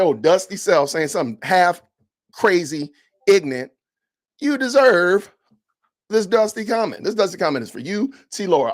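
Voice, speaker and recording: Podcast guy going off on a comment, indignant and preachy, high lively voice. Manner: animated, indignant ranting, preachy. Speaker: podcast host. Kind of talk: livestream commentary reading comments.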